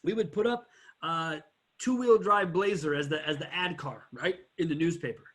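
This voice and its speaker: A man's voice: a little high, normal speed, fairly bright tone. A man hosting a podcast, telling stories animatedly in casual interview chat and swearing freely. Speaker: podcast host.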